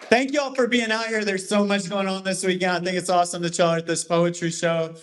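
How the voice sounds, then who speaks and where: A man's voice: sits high, flat delivery, a little fast, a little hiss or hum. A man who is a poet and show host, talking to a live crowd and performing a playful, rap-like poem full of wordplay. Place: live poetry show at a hotel venue.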